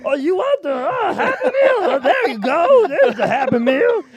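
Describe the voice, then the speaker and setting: A man voicing a jittery, high-voiced fast-food worker who squeaks and stammers. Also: very animated, crowd noise, exaggerated voice. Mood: frantic.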